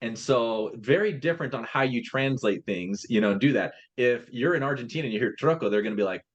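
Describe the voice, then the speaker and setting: A man's voice: medium pitch, animated, a little fast, muffled recording. A man in a casual business chat, explaining his translation company's process step by step and often restarting his phrases.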